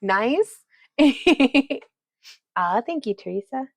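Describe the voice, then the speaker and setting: A woman's voice: sits high, animated, extremely slow, no room sound. A woman hosting a casual crafting livestream, chatting as she works and reading viewer comments aloud. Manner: chatty, reads viewer comments aloud, talks to her dog.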